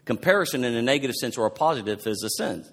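A male pastor giving a fervent sermon, preaching loudly at close to a yell. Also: mid-range voice, animated, racing. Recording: long hall reverb.

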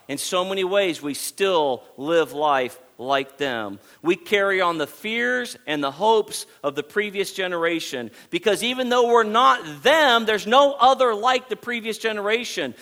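A man preaches with a high, bright voice. He talks in animated bursts, doubling back on words and repeating phrases as he builds each point. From Texas. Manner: animated, repetitive preaching with frequent restarts. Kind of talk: sermon.

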